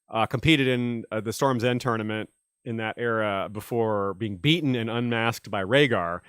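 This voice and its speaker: A man's voice: medium pitch, fairly bright tone, clear, resonant tone, dry recording, studio quality. Chatty man hosting a podcast. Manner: rambling, chuckling, many fillers. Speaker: podcast host. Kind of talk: casual chat.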